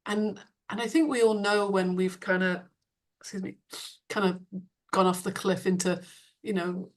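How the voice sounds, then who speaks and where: A woman coach and author talking reflectively on a video call, restarting sentences and laughing lightly. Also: mid-range voice. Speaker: coach and author, webinar guest. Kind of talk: reflective conversational talk.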